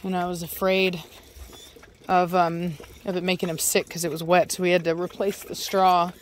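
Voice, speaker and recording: Outdoors on her property, a Texas dog kennel owner chats casually into a handheld phone for a vlog, rambling with lots of "like" and "um" and stopping to yell for her dogs. Her voice is fairly low and level at a moderate pace, with slight background noise.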